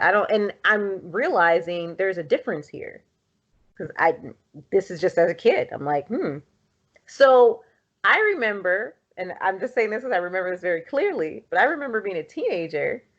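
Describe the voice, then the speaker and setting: A woman's voice: medium pitch, lo-fi sound. A woman in her thirties co-hosting a podcast, telling a personal story in casual chat, laughing often and acting out what people said. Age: 30s. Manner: animated storytelling, laughs often, acts out quotes. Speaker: podcast co-host.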